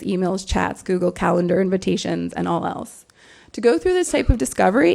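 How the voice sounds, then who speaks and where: Woman with a gravelly edge, giving a speech. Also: medium pitch, a little mellow. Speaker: newsroom lawyer giving a symposium talk. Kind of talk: prepared conference speech.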